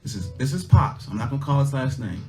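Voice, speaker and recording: A middle-aged man talking casually on a livestream, folksy and emphatic as he repeats his lessons over and over. His voice sits at an ordinary middle pitch. Faint guitar music plays in the background. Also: very animated, fast talker, dark tone. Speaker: livestream host.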